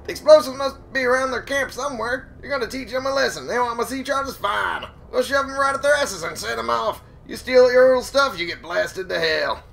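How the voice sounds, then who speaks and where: Man doing a crazy old hermit: pitched way up, grumbling and ranting. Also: a little fast, vocal fry, few pauses, fairly bright tone, slight background noise, full character voice. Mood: cranky ranting.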